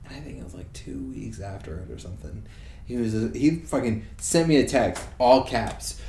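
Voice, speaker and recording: A man's voice: medium pitch, lively intonation, normal speed, gravelly, dark tone. A young man hosting a casual podcast, rambling and swearing with many restarts and fillers. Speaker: podcast host. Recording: echoey room with faint hiss.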